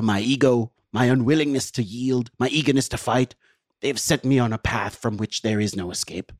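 A man's voice: medium pitch, dry recording, lightly acted. A man putting on a grave, brooding voice for a weary older rebel spymaster on a podcast. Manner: brooding, grave, slow-building delivery.

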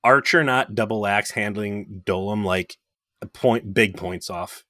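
A man's voice: lowish voice, unhurried, pushed and bright, dry recording, clean studio sound. A man co-hosting a podcast, recapping a TV episode in rambling, profane, joking casual chat. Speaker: podcast co-host.

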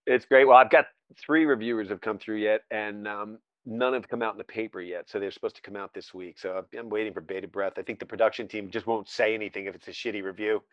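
A man's voice: on the low side, fairly even intonation, quick pace, dry recording, muffled recording. A man hosting a podcast, chatting casually and telling stories, with lots of fillers and restarts that break up his sentences. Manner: rambling, self-interrupting storyteller with many fillers. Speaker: podcast host. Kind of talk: casual chat. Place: Scotland.

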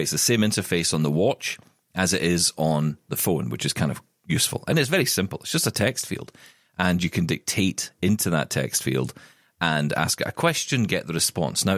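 Low-voiced man, lively chat. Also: dry recording, clean studio sound. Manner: chatty, rambling anecdotes with many asides. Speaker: podcast co-host. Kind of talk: casual chat.

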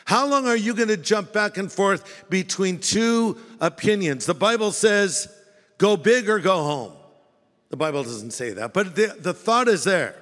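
Male pastor, sermon delivery, high voice, animated and wry, long church-hall reverb. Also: normal speed, few pauses. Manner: animated, mocking, acts out quoted voices.

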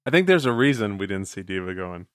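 A man's voice: on the low side, very animated, a little fast, a bit bright. A man co-hosting a gaming podcast, laid-back and chuckling as he chats. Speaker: podcast co-host. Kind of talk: casual podcast banter.

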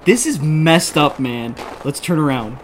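A man voicing an easygoing, dim sidekick in a comedy skit, tossing off offhand deadpan quips. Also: on the high side, measured pace, a little hiss or hum. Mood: nervous.

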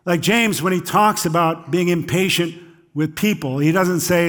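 Middle-aged pastor guy, high voice, casual sermon, keeps asking "right?". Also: normal speed, fairly bright tone. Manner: conversational, frequently checks in with "right?".

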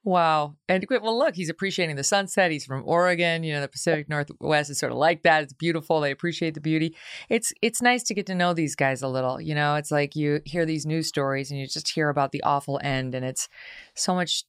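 A woman host speaks smoothly and clearly, asking articulate questions in a conversational interview. Her voice is recorded close and dry, with no room around it. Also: low-pitched, fairly quick, no echo.

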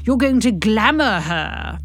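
A woman reading the lines of an urgent, commanding male companion in an audiobook, speaking insistently and deliberately. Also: a little high, animated, husky, heavily acted.

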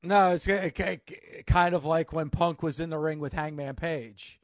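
A man's voice: on the high side, fairly even intonation, moderate pace, no echo, studio quality. A man hosting a wrestling talk show, chatting casually and chiming in with short replies. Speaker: podcast host.

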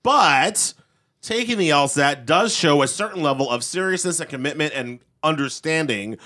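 A man's voice: on the high side, animated, normal speed, sharp tone. A man co-hosting a legal podcast, making his case in a chatty, argumentative way, often tagging "right?" onto his points. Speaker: podcast co-host. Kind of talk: casual podcast debate.

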